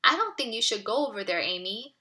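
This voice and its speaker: Give me a jumpy, frightened little boy from a storybook, bright and high-toned, sometimes dropping to a fearful whisper, as a woman reads him aloud. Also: lively intonation, a little fast. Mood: worried.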